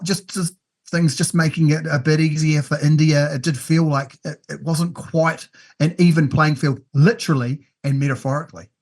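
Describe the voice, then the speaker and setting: A man with a New Zealand accent hosting a podcast, chatting casually and leading the questions. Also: on the high side. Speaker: podcast host. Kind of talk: casual chat.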